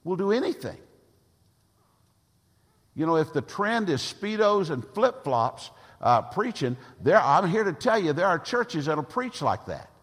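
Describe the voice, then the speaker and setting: Husky preacher in a reverberant hall. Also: male voice, on the high side, very animated, unhurried, fairly bright tone. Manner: emphatic, repeats phrases for effect. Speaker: pastor. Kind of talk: sermon. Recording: long reverb of a large hall.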